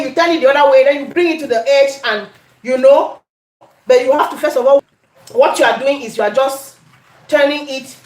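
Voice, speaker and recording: A Cameroonian woman with a high voice talks viewers through a recipe in her kitchen. She chats casually and drifts into Pidgin. The room rings with an echoey kitchen sound. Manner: chatty, addresses viewers, breaks into Pidgin. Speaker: cooking channel host. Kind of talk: casual cooking demonstration. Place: home kitchen.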